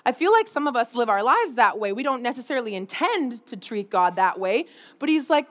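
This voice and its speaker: A woman pastor delivering a casual, conversational sermon with a high-pitched voice. She talks in a lively way, laughing often and slipping into acted-out quotes. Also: fairly quick. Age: adult parent.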